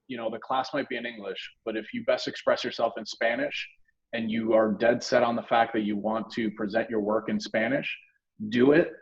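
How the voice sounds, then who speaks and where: A man's voice: mid-range voice, vocal fry. A man who teaches classes, talking in a loose, rambling way with many fillers during a casual video call discussion. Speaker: instructor. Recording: muffled lo-fi audio.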